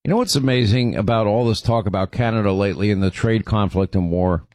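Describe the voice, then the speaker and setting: A man's voice: lowish voice, quick pace, darkish tone, no room sound, studio quality. A man hosting a political commentary show, talking conversationally with a sarcastic edge. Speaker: host.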